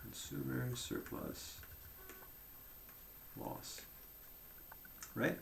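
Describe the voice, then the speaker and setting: A man gives a relaxed whiteboard lecture, talking through each step out loud and often checking in with his listeners. His voice sits on the low side and carries a gravelly edge. The room adds a noticeable echo. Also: slow pace, long pauses, slight background noise. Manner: conversational, thinking aloud with frequent "right?" and "um".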